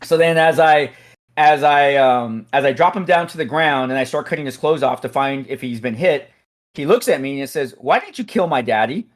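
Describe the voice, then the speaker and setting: A man hosting a casual chat, telling a police story in an animated way and getting loud at the punchlines. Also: mid-range voice, normal speed. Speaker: host, SWAT officer.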